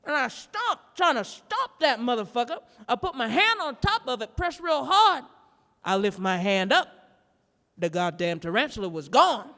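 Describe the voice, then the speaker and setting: A woman performing a standup comedy routine live, telling a story in a brash, profane, animated way. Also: a little high, moderate pace, in a large hall. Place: live performance in a gallery space.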